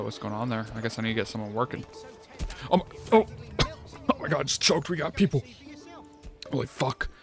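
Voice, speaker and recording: Swearing excitable gamer guy. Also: lowish voice. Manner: profane, excitable, thinking aloud. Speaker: gameplay streamer. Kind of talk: casual let's-play commentary. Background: game music.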